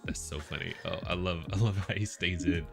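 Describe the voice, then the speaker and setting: A man's voice: sits low, a little fast, vocal fry, over loud music. A man hosting a casual gaming podcast, upbeat and laughing often as he reads out comments from the live chat. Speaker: podcast host.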